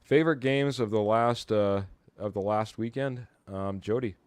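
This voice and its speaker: Male host, casual sports talk, lowish voice, dry close sound. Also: moderate pace, smooth, dry recording. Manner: chatty, steers the talk.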